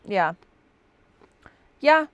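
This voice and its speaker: A young woman co-hosting a casual book chat, chatty and animated. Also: extremely slow, no echo, lo-fi sound. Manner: chatty, animated, fond of quoting characters. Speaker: podcast co-host.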